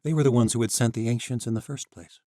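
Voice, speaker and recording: A man reading scripted audiobook narration in a steady, even way. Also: medium pitch, quick pace, dry recording, studio quality.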